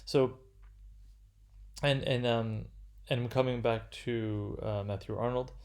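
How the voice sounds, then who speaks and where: Male lecturer, mid pitch, halting delivery with many fillers and restarts, unscripted lecture. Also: steady tone, darkish tone. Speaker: literature lecturer.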